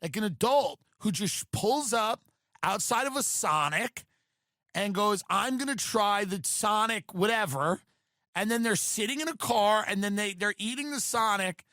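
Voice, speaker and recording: A man's voice: sits high, lively intonation, moderate pace, pushed and bright, no echo, studio quality. A man hosting a podcast, delivering a comedic monologue in a sardonic, ranting way with mocking asides. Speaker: podcast host.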